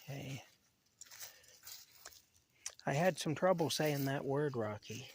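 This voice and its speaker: A man strolls outdoors at night, talking in a loose, rambling way. His voice sits at an ordinary middle pitch, and he often stops to chat fondly with his cat. A faint hiss sits behind him. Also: slow. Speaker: vlogger. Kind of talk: casual rambling monologue. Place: outdoors in a rural yard at night.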